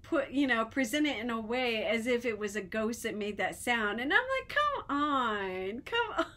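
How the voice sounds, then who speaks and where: A woman's voice: fairly high pitch, moderate pace. A woman chatting casually to camera, telling funny stories with lots of fillers and restarts, and often laughing. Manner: giggly, animated, breaks into laughter. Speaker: vlogger.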